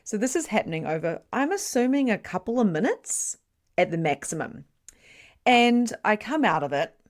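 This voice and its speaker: A woman who works as a spiritual medium, telling a personal story to camera in a chatty, expressive way with playful asides. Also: mid-range voice, normal speed.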